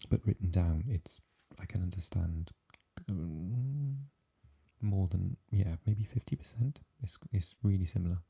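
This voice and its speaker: Deep, dark South Welsh man whispering. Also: gravelly, slightly rough. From South Wales. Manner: soft, switching between whisper and low voice. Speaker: ASMR livestream host. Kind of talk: whispered ASMR chat reading comments.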